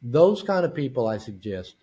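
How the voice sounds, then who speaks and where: A man speaking as a guest expert in an interview, animated and prone to restarting his sentences. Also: mid-range voice, normal speed, husky. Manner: animated, acts out quoted dialogue, frequent restarts. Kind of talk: conversational interview.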